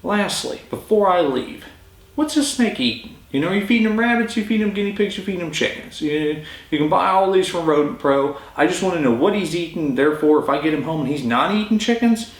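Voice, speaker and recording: A man's voice: a little high, fairly quick. A young adult man casually telling a story-time tale in a chatty, informal way. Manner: informal, chatty, lively retelling. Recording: roomy echo.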